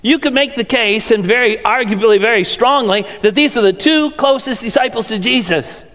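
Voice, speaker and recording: High-voiced preacher in a reverberant hall. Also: male voice, moderate pace, fairly bright tone. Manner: conversational preaching with rhetorical questions. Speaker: pastor. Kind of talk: sermon.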